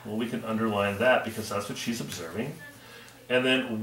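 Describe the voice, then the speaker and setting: A man's voice: medium pitch, a little fast, a bit bright, roomy sound, far from the mic, a little hiss or hum. A male teacher reading a story aloud and patiently explaining it to his class.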